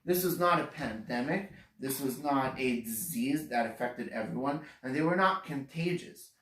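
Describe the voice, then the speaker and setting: A man of middle pitch preaches earnestly, explaining step by step and hitting key words with sudden emphasis. His voice sits back from the mic, and the room around him rings with echo. It sounds like a sermon taped from across a room. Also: lively intonation, moderate pace, fairly bright tone. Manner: earnest, explanatory, frequent restarts, stresses single words. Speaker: Torah teacher. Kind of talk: sermon on the weekly portion. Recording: echoey room, voice from far off mic.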